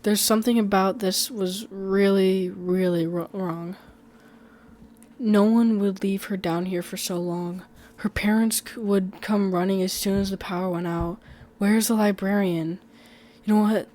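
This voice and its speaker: A woman's voice: mid-range voice, steady tone, measured pace, a little mellow. Woman narrating a first-person horror story. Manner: conversational reading with small slips and restarts.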